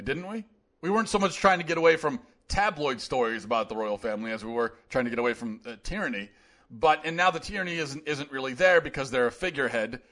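A man's voice: a little high, pushed and bright. A man hosting a solo commentary show, talking in a rambling, conversational way with many restarts.

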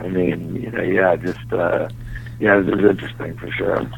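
A young adult man from Texas with a New York-sounding accent, a stand-up comedian chatting casually as an interview guest, laid-back and trailing off quietly. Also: deep voice, little pitch movement, normal speed, gravelly, husky, poor audio. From Dallas, Texas.

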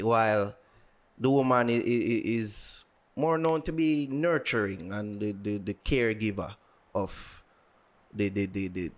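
A man with a Jamaican accent co-hosting a podcast in casual chat, animated and often repeating words as he moves between English and patois. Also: lowish voice, a little slow. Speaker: podcast co-host.

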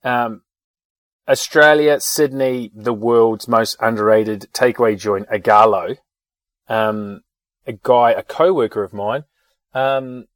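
A man chats casually, drifting through anecdotes with plenty of ums and the occasional swear word. His voice sits at a middling pitch, and the recording is close and dry with almost no room sound. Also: slow pace, no room sound. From New Zealand. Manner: rambling anecdotes with swearing and fillers. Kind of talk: casual chat.

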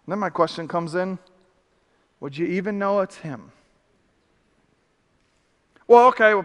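A male pastor preaching a sermon, animated, swinging from loud emphasis to hushed questions. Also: extremely high pitch, measured pace, long pauses, clear, resonant tone. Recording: reverberant hall.

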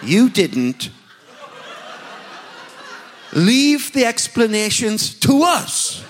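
Animated Northern English preacher man. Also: high voice, drawn-out words, slight background noise. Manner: humorous, animated, emphatic, self-mocking. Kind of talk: storytelling sermon.

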